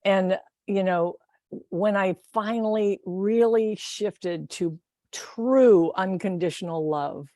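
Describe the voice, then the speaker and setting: Mellow-voiced woman, rambling warmly. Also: medium pitch, slow pace, dry recording, clean studio sound. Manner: rambling, self-correcting, laughs often. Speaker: podcast guest, artist. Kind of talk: casual conversational interview.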